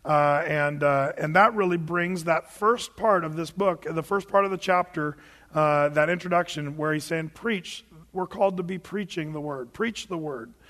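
Man, pastor, high voice, casual sermon, rhetorical questions, long reverb. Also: normal speed, a bit bright. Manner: conversational preaching with fillers and rhetorical questions.

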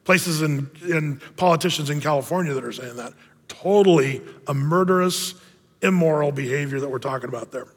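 High-voiced playful male pastor preaching. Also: a little fast. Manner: jokey, conversational preaching with playful voices for Bible figures. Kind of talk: sermon. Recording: long hall reverb.

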